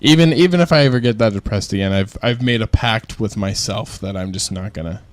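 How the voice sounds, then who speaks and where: A man's voice: on the low side, a little fast, dry recording. A young man hosting a casual podcast, rambling and self-mocking, laughing often as he talks. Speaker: podcast host. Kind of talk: casual chat.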